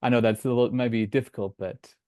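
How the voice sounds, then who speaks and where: A man's voice: mid-range voice, steady tone, quick pace, a little mellow. A man hosts an interview, posing questions as he thinks aloud and rephrases himself along the way. His voice sounds dry and close, with no room echo. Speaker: podcast host.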